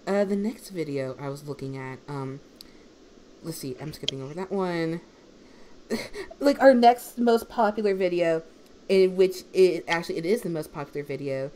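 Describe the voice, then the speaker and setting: A woman with a fairly low, mellow voice talks at normal speed from home over an online call, with a little hiss or hum. As a member of a dub group on a livestream, she chats casually and rambles with her fellow dubbers, saying "I'm like" constantly.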